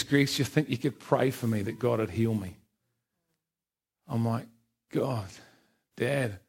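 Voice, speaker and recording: A man's voice: mid-range voice, husky. A man giving a personal church testimony, frank and self-mocking, often laughing at himself. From England. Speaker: testimony speaker.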